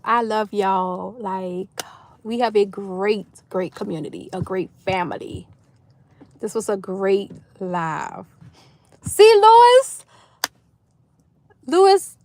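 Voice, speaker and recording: A woman's voice: medium pitch, expressive, slow, a bit bright, dry recording. A woman hosting a casual livestream, emotionally thanking her viewers by name and tearing up with joy. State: tearful. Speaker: livestream host.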